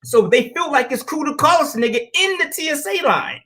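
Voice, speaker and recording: A man's voice: very high voice, animated, a little fast, few pauses, bright, forceful tone. A man from the United States hosting a show, delivering a heated, profane opinion monologue and telling stories with acted-out quotes. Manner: blunt, profane, heated ranting. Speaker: show host.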